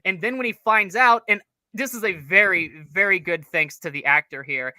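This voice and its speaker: A man's voice: high-pitched, normal speed, pushed and bright, dry recording. A man co-hosting a casual show review, analytical and rambling, with the odd curse. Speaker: co-host reviewer.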